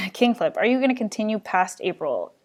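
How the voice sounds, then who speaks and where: A woman's voice: mid-range voice, big pitch swings, normal speed. A young adult woman hosting her own live show, chatting casually and rambling as she answers viewer questions. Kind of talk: casual live-stream chat.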